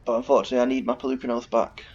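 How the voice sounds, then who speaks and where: A man's voice: mid-range voice, steady tone, rapid-fire, slightly rough. A man casually commentating on his own card game, muttering and swearing when annoyed. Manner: swearing, exasperated ranting. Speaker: gaming video host. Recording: dull lo-fi recording.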